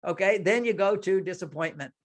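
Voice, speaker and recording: A man's voice: high voice, a little fast. A man being interviewed as a guest expert, talking animatedly and often acting out conversations. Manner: animated, acts out dialogues in changing voices. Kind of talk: interview answer, explaining relationship advice.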